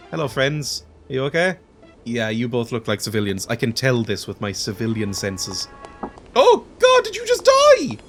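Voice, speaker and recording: A man hosting a let's play, giving casual, chatty commentary that mocks himself as he plays. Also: medium pitch. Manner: chatty, self-mocking, laughs often.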